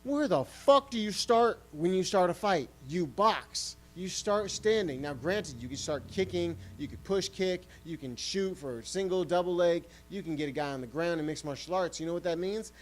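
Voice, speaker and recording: A man's voice: high-pitched, lively intonation, normal speed, few pauses, slight background noise, rough recording. A man hosting a sports podcast, ranting heatedly and swearing often. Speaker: podcast host.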